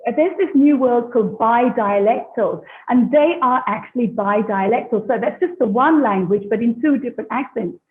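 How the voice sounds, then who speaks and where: A woman's voice: a little high, moderate pace, few pauses. Chatty British woman on a tinny line. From London, England. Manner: chatty, laughs often. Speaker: guest. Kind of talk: casual interview chat. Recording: echoey, tinny phone-like line.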